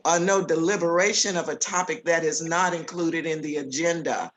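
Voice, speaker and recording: A woman's voice: low voice, steady tone, normal speed, rough recording. A woman commissioner at a public board meeting, raising careful procedural questions.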